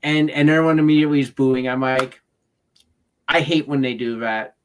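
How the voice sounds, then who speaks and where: A man co-hosting a casual chat, blunt and opinionated, with quick asides and stammered restarts. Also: mid-range voice, a little hiss or hum. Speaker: co-host.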